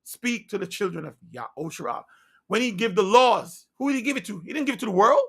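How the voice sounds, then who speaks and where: A man with a high, husky voice preaches a sermon in a brisk, animated way. He insists fervently, fires off rhetorical questions, and swings between loud emphasis and hushed near-whispers.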